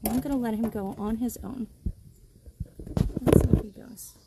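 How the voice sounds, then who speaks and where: A woman's voice: on the high side, steady tone, normal speed, creaky, very noisy. A woman educator giving a cheerful live-streamed nature lesson for children outdoors by a pond, explaining things and speaking directly to her young audience. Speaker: wildlife educator.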